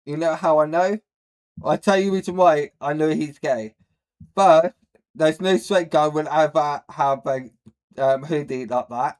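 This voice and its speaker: A man hosting a reaction video, who rambles bluntly with many fillers and says he has a speech problem. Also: fairly high pitch. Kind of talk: casual reaction commentary.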